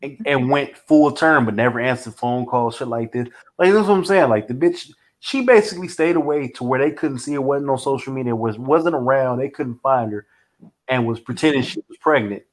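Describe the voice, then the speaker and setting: A man chatting casually in a blunt, profane way, telling stories and acting out what people said. His voice sits at an ordinary middle pitch. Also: a little fast. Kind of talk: casual chat, storytelling.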